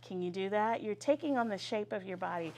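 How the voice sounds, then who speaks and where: A woman teacher leading young children through a vocabulary lesson in a classroom, with call-and-response and drawn-out words. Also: mid-range voice, animated, darkish tone, slight background noise.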